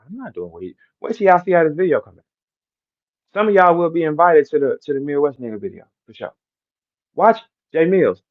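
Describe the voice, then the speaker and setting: A man's voice: a little high, narrow, tinny audio. A man from St. Louis with a St. Louis accent, boasting and trash-talking in a brash, repetitive live-stream rant. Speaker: battle rapper hosting a live audio room.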